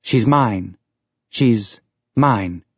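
A man voicing a mindless, possessed space station that chants and repeats itself in a drawn-out way, on a dull lo-fi recording. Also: fairly low pitch, husky, no room sound, full character voice. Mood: possessive.

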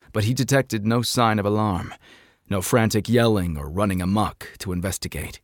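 A man reads a gritty novel aloud in a measured, dramatic narration. His voice sits on the low side, and the recording is close and dry, with no room sound. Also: dry recording. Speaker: audiobook narrator. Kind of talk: scripted narration.

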